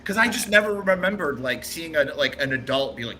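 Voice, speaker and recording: Bright chatty host guy, goofy and rambly, all over the place pitch-wise. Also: expressive, brisk, a little hiss or hum. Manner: jokey, rambling, full of "like". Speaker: podcast host. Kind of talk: casual chat.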